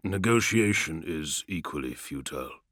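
A man voicing a deep, emotionless armoured assassin. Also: no room sound, clean studio sound. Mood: cold. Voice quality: very deep, resonant, flat. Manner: cold, measured, without emotion. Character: towering inhuman male assassin in golden armour, cold and emotionless. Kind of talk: audiobook character voice.

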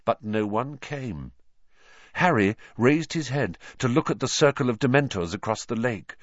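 A male audiobook narrator reads a fantasy novel with a lively, animated delivery and dramatic pauses. The sound is dry and close, slightly dull and lo-fi. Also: mid-range voice, no room sound.

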